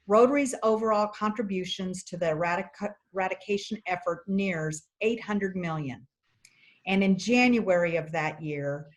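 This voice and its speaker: A woman co-hosting a livestream event, speaking earnestly and telling stories with frequent restarts. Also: mid-range voice. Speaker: event co-host. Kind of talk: livestream talk.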